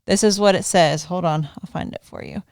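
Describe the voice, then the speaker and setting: A woman guest on a podcast in casual chat, teasing and animated as she tells a story into a studio microphone. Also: fairly low pitch, a little fast, dry recording.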